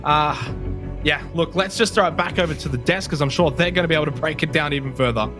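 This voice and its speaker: A man casting an esports match, losing his voice and shouting at the big plays. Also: a little high, quick pace, over music. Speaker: esports caster. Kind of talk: play-by-play commentary.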